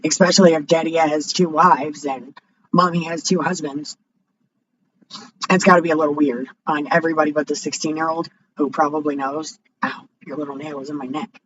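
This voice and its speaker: A woman's voice: low-pitched, fairly even intonation, a little fast, a little hiss or hum. Foul-mouthed woman vlogger on a heated home rant, dull lo-fi mic. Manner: profane, blunt, rising to shouting. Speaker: video blogger. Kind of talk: unscripted rant to camera. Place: home, with a cat nearby. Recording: dull lo-fi microphone.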